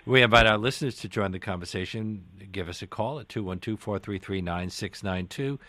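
Radio host, male, very low voice, measured delivery, dry studio sound. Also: sharp tone, dry recording. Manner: measured, reads out call-in details. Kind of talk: radio interview. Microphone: studio microphone.

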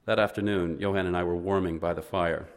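A man with a very deep voice reads a first-person story aloud. His delivery is measured and understated, lingering on descriptive passages. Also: steady tone, clear, resonant tone. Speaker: narrator. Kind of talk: audiobook narration, first person.

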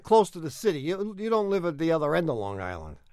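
A man's voice: on the high side, big pitch swings, fast, a crowd in the background. A man co-hosting a talk radio show, teasing and laughing easily. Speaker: radio co-host. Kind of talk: casual talk radio banter.

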